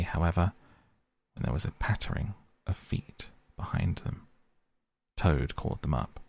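Male narrator for a classic storybook, deep and gravelly, measured delivery. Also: a little mellow. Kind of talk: audiobook narration.

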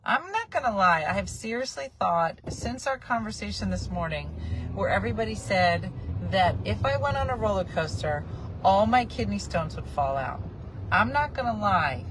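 A woman in her forties telling a casual, animated story from a moving car, often acting out the people she quotes. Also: medium pitch, moderate pace. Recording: car road noise behind.

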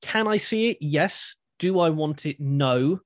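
A man's voice: a little high, expressive, measured pace, no room sound, studio quality. A man co-hosting a podcast, chatting casually and animatedly, thinking aloud with frequent restarts. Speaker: podcast co-host. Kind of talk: casual wrestling chat.

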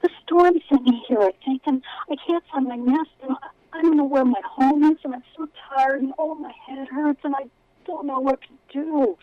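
A woman's voice: a little high, unhurried, no room sound, muffled recording. A woman voicing a timid young female pack rat who stammers and gushes nervously. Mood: gushing. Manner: stammering, breathless, gushing.

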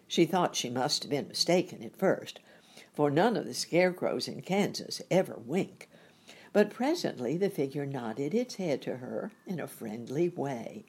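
A woman narrating a children's storybook in a slow, expressive, measured reading. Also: low voice, slightly rough. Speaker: audiobook narrator.

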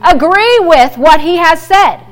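A woman's voice: very high voice, lively intonation, unhurried, soft background music. A woman pastor preaching a sermon to a small group, emphatic and call-and-response, acting out dialogue with the devil.

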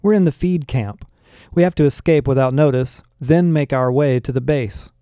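A man voicing an earnest, oddly literal young man from another world, slow and halting. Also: mid-range voice, mellow, clear, resonant tone, no room sound, studio quality, natural voice. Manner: slow, halting, proud and naive.

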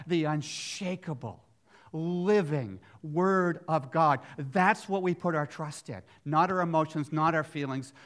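A middle-aged male pastor preaching a sermon, swinging from near-whispers to loud emphatic bursts, with chatty asides and rhetorical questions. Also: on the high side.

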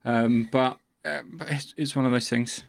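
A man's voice: mid-range voice, steady tone, normal speed, creaky. A man co-hosting a podcast, talking casually and hesitantly with many repeated words and ums. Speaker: podcast co-host. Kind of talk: casual chat.

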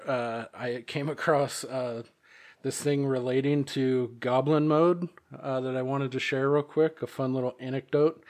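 Male podcast host, casual, swears a lot, rambles with ums and uhs, mid-range voice. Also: medium pitch. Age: adult, married. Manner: rambling, profane, lots of fillers and restarts. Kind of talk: casual chat.

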